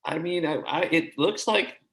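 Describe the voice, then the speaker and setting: A man's voice: a little high, moderate pace, creaky, fairly bright tone, rough recording. A man hosting the show, enthusiastically praising and joking with his guest. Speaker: host. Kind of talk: casual commentary.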